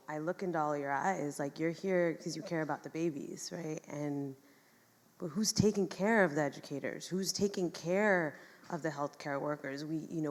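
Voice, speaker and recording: A woman in a stage talk, speaking reflectively and softly to an audience. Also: sits low, big-room sound. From United States.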